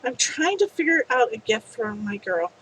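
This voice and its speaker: A woman's voice: a little high, big pitch swings, normal speed, fairly bright tone, breathy edge, voice pushed down, full character voice, low-quality recording. A woman voicing an earnest young man asking for advice about a gift. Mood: eager.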